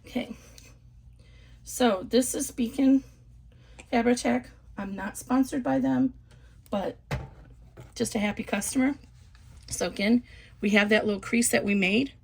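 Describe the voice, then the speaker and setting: A woman casually explaining a sewing project step by step, relaxed and chatty with frequent ums. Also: a little high, measured pace, creaky, pauses often, husky. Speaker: sewing instructor. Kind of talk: casual craft tutorial.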